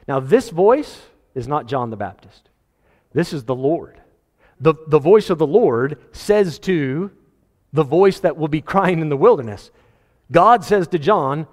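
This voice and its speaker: A man preaching a sermon in an earnest voice, his pitch climbing high when he presses a point. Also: animated, unhurried, long reverb tail. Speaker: pastor.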